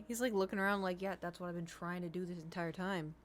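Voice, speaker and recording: A woman's voice: fairly low pitch, steady tone, a little fast, a little hiss or hum. Chatty streamer woman swearing at her cat. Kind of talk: casual live-stream chat. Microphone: desk microphone.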